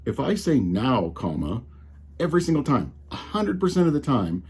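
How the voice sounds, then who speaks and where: Annoyed guy with a colorado drawl ranting about his phone, husky and kinda mellow. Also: mid-range voice, sing-song, moderate pace. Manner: exasperated, rambling with restarts. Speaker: tech commentator. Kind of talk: casual ranting monologue.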